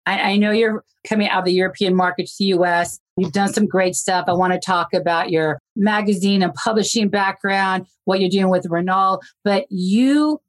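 A woman's voice: medium pitch, moderate pace, few pauses. A woman hosting a podcast, speaking in an eager, gushing way. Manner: enthusiastic, gushing. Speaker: podcast host. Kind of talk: casual interview talk.

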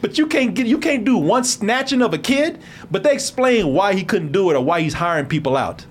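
Casting note: an excitable male podcast host roasting a movie, high and bouncy, with faint background noise. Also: fairly quick, breathy edge, soft background music. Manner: animated, profane, laughing often. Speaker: podcast host reviewing a film. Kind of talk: comedic film-review banter.

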